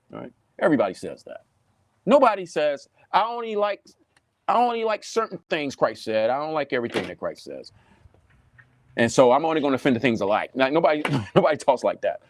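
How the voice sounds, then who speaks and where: A man preaching to camera in a Southern US accent, animated and mocking, often repeating himself. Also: mid-range voice, no room sound. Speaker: pastor. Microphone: webcam or phone on a desk, livestream.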